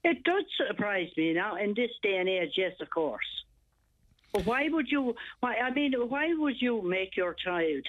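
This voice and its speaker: A woman's voice: medium pitch, sing-song, measured pace. An older woman calling in to a radio show, rambling and hesitant, exasperated as she talks. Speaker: caller. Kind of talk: casual radio chat. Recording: tinny phone line.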